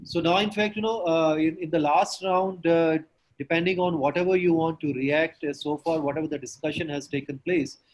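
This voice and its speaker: Male moderator, somewhat high voice, hesitant, lots of fillers, video call. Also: fairly even intonation, normal speed, low-quality recording. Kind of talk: moderating a panel discussion. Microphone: remote video call.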